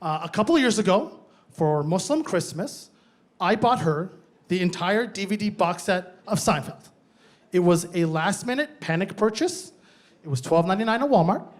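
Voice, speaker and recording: A man performing a stand-up comedy set on stage, telling a story with quick, punchy asides. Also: sits high, animated.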